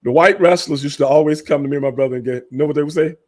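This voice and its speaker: Middle-aged Texan male podcast host, animated storyteller who laughs often. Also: very fast. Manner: animated storyteller, laughs often, jumps into high excited bursts. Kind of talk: casual chat.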